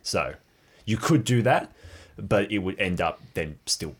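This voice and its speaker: A man's voice: sits low, measured pace, breathy edge. A man running a tabletop game as game master, laughing often and slipping into character voices. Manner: laughing, animated, jumps into many character voices.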